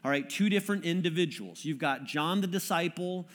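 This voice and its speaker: A man's voice: a little high, brisk. Earnest, conversational male pastor preaching. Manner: conversational, earnest teaching with audience prompts. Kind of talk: sermon. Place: church room with audience.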